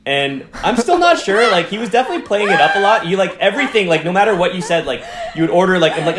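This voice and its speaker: A man's voice: mid-range voice, lively intonation, fast, background noise. Canadian guy rambling on a podcast, lots of ums, kinda echoey room. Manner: rambling, lots of fillers and restarts. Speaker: podcast guest, fashion editor. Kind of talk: casual chat.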